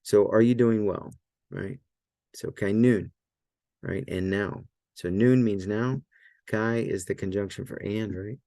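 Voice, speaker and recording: A man teaching a language lesson in a relaxed, loose way, often checking in with "right?" and filler words. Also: on the low side, measured pace, dry recording, clean studio sound. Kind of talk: casual explanatory lesson.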